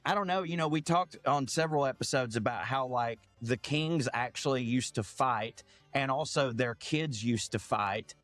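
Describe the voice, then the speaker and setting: A man's voice: mid-range voice, normal speed, hardly any pauses, fairly bright tone, no echo, soft background music. A man co-hosting a podcast, chatting casually with dry jokes and questions. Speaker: podcast co-host. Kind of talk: casual chat.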